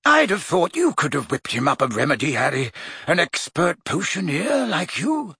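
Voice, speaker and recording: A man's voice: on the high side, wildly swooping pitch, normal speed, bright, forceful tone, husky, no room sound, clean studio sound, pitched above the performer's own voice, heavily acted. A man narrating a story and voicing a sleepy, pompous older male professor who mumbles. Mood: drowsy. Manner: mumbling, drowsy.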